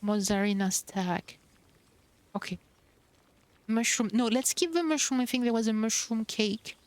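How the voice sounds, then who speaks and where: A woman's voice: a little high, measured pace, dry recording. A young woman streamer chatting casually while playing, bubbly and cooing over cute creatures. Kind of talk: casual gameplay commentary.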